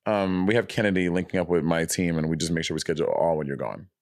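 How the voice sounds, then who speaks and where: A man in his thirties co-hosting a podcast, chatting casually with animated, quick reactions. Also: deep voice, creaky, dry recording, clean studio sound. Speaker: podcast co-host. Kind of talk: casual chat.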